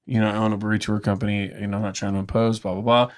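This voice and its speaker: A man who runs a brewery tour business chats casually, telling stories with enthusiasm and acting out the dialogue. His voice is on the low side with little pitch movement, and he talks very fast.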